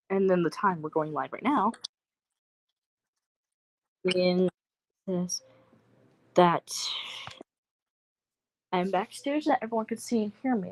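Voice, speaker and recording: A woman's voice: lowish voice, a little hiss or hum, low-quality recording. A young woman chatting casually on a livestream, rambling through stories with restarts. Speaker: livestream guest.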